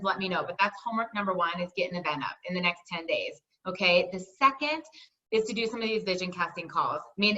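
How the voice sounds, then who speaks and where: A woman hosts a motivational team call, chatty and keen, tossing in "like" and "right?" as she goes. Her voice is bright and forward. It sounds a little distant and muffled, like call audio. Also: mid-range voice. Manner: enthusiastic, chatty, peppered with "like" and "right?". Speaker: team leader hosting a sales team call.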